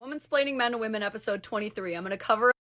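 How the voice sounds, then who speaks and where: A woman's voice: on the high side, racing, bright, forceful tone. A woman delivering scripted comedic commentary in a sassy, emphatic and sarcastic manner. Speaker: video commentator.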